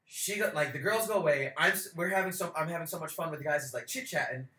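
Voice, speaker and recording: Animated, profane young man telling stories. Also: on the high side, fast talker. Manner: animated, profane, acts out quoted voices. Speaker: podcast co-host. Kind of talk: casual storytelling chat. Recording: roomy echo.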